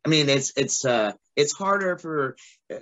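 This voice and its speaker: A woman's voice: sits low, moderate pace, lo-fi sound. A woman, a playwright chatting in an interview and telling stories with a laugh. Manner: animated storytelling with frequent laughs. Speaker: playwright guest. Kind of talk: casual interview chat.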